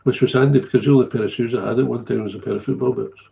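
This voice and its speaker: A man's voice: medium pitch, fairly even intonation, racing, creaky, dark tone, lo-fi sound. A middle-aged man, telling a candid story as a recovery sponsor, blunt and swearing freely, often trailing off and repeating himself.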